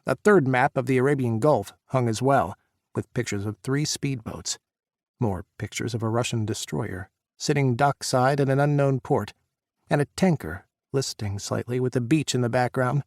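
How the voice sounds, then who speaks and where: A man's voice: medium pitch, normal speed, dry recording. Man narrating an action audiobook, dry recording. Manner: voices characters' shouts in the action scenes. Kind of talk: scripted narration.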